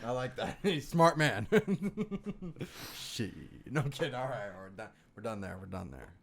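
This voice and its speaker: A man's voice: medium pitch, lively intonation, unhurried, vocal fry. A man co-hosting a podcast in brash, profane, jokey casual chat. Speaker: podcast co-host.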